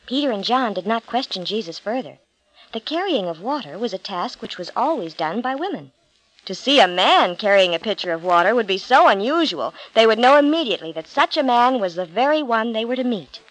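A woman narrating a Bible story for a storybook reading, steady and clear. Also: on the high side, fairly quick, poor audio.

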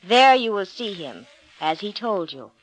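A woman voicing a gentle young man in a white robe in a storybook reading, speaking softly. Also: medium pitch, very animated, lo-fi sound, a little hiss or hum. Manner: gentle, slow.

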